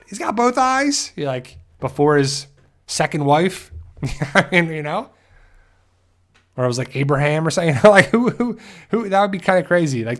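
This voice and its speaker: A man hosting a casual fan livestream, reading out viewer comments, chatty and laughing often. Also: a little high. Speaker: host of a fan discussion show.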